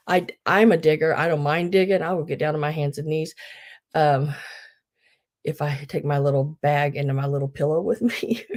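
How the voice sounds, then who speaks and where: Woman, live-sale host, low warm voice, chatty and rambling. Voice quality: rambling, chatty storytelling with many fillers. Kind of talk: casual live-sale chat.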